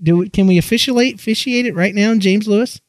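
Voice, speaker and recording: Man, from Georgia, podcast co-host, joking, playful, slightly high voice, dry close sound. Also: brisk, dry recording. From Georgia, USA. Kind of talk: casual chat.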